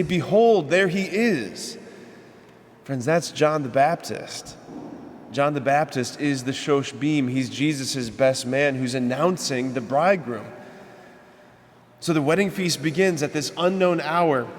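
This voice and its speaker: Priest preaching in a reverberant church. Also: male voice, a little high. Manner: conversational, asks rhetorical questions. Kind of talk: sermon.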